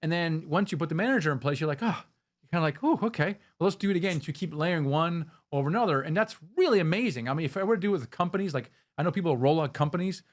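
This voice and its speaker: Fast-talking, upbeat male interview host. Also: on the high side. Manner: enthusiastic, restarts phrases often. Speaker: podcast host. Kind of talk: interview conversation.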